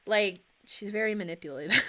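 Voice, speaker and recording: A woman's voice: mid-range voice, expressive, normal speed, bright, forceful tone. Young woman streamer, rambling casual chat, answers viewers as she paints.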